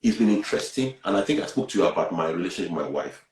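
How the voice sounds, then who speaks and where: A man, earnestly sharing a personal testimony and swinging between hushed and loud. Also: low-pitched, animated, very fast, roomy sound, a little hiss or hum, rough recording. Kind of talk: candid testimony on a talk show.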